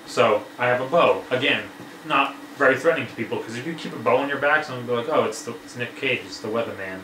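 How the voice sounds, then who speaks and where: A man co-hosting a survival gear video, trading deadpan one-liners in casual banter. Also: mid-range voice, fast, far from the mic. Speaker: co-host of a survival gear channel. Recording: roomy echo with faint noise.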